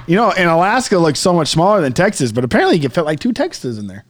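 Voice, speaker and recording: Casual young male co-host, high and lively voice, rambling and swearing. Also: rapid-fire. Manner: rambling, profane, laughing often. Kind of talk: casual chat.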